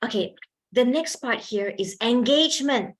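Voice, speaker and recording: A woman's voice: on the high side, lively intonation, a little slow. A young woman giving a chatty public speaking workshop to students, asking them questions and laughing often. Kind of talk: lively seminar talk to students.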